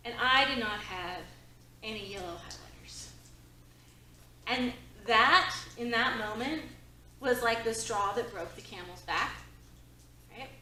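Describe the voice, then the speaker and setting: A middle-aged woman presenting as a therapist, telling a personal story in an expressive, conversational way with frequent "right?" asides. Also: on the high side, a little hiss or hum. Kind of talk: storytelling talk to an audience. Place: presentation hall. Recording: echoey hall from a distance.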